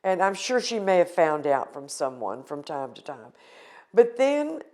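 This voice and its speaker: A woman's voice: on the low side, big pitch swings, a little slow, mellow. An older woman from the United States recounting a painful personal experience in an earnest, emotional interview.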